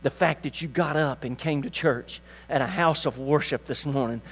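An older man preaching a sermon as pastor, building to emphatic, rising calls to his church. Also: on the high side.

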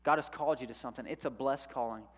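A middle-aged male youth pastor preaching a sermon, telling a story from his college days in an animated way and acting out his own panic. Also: medium pitch, racing. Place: church sanctuary. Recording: long hall reverb.

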